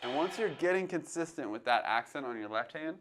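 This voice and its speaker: A man teaching jazz drumming, calmly coaching and counting beats aloud between demonstrations. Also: on the high side, a little fast, music in the background. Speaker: drum teacher. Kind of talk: instructional demonstration. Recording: drums playing behind the voice. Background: drum playing between phrases.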